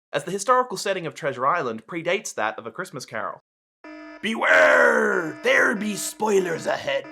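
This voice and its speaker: A man hosting a video, reading a scripted film essay in a clear, measured way. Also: fairly high pitch, sharp tone. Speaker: video host.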